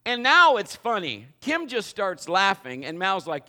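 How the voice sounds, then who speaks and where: A middle-aged man preaching a sermon, telling a funny story and acting it out in a lively way. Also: sits high, measured pace, few pauses. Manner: animated, acts out the story. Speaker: pastor.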